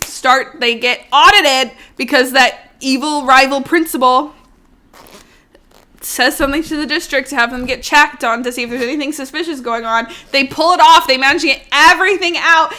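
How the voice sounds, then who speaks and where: A woman co-hosting a podcast in casual, animated chat, swearing freely and acting out quotes. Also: sits high. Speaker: podcast co-host.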